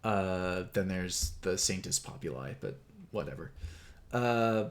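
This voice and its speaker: A man hosting a live stream, slowly explaining game lore with many fillers and laughs. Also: low-pitched, lively intonation. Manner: slow, rambling, many fillers, laughs often. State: clearing his throat. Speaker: host presenting game lore. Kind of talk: casual livestream lecture.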